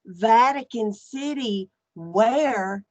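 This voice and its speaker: A woman guest in casual chat, animated and frank, swearing freely as she talks about her faith. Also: fairly high pitch, very slow, no room sound. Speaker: podcast guest, archpriestess.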